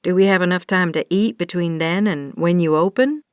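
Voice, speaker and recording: A woman's voice: lowish voice, moderate pace, a little mellow, clear, resonant tone, no echo, clean studio sound, close to an everyday voice. A woman voicing a blunt, stubborn young cowboy who runs a dairy ranch, speaking in a plain, matter-of-fact drawl. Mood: impatient.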